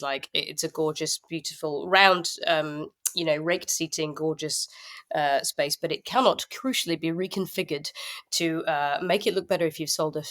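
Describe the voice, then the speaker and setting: A woman's voice: sits low, a bit bright. A woman guest musician in a casual comic chat, talking animatedly and with self-deprecating humour, often laughing.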